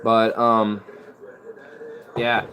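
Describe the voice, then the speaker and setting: A man's voice: on the low side, completely flat delivery, very slow, bright, forceful tone, slight background noise. A man rambling in casual chat as a streamer. He is laid-back and slangy and often breaks into laughs.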